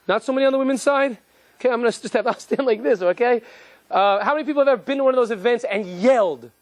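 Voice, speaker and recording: High, fast-talking male rabbi lecturing. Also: dry recording. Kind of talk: interactive lecture to a live audience.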